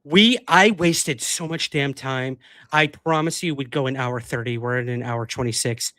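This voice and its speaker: A man's voice: mid-range voice, moderate pace, pushed and bright, no echo. A chatty man co-hosting a live show, mixing casual banter with reading news aloud. He pokes fun at himself as he goes. His voice sounds dry and close to the mic. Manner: chatty and self-deprecating, reads news aloud. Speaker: podcast co-host. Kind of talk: casual live-stream chat.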